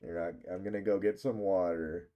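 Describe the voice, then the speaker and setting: A man's voice: deep voice, fairly even intonation, moderate pace, dull audio. A male streamer chatting casually with his live audience, teasing and bantering with some swearing, close to the microphone. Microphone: close desk microphone.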